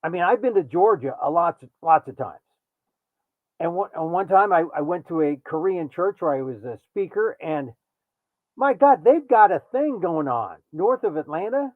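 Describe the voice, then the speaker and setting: Wry talk show host, tinny sound. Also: male voice, high voice, normal speed, no echo. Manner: animated, wry, digressive. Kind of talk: political commentary monologue. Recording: tinny phone-like sound, dry.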